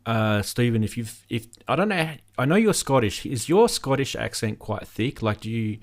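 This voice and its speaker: A man's voice: medium pitch, animated, moderate pace. A man with a light Australian accent, hosting a casual live-stream chat and rambling with many ums. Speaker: host.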